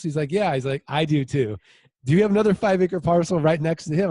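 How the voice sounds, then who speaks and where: A man being interviewed as a land investor, telling stories in a casual, animated way with lots of quoted dialogue. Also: on the high side, brisk, dry recording, clean studio sound. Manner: animated anecdotes with voiced quotes.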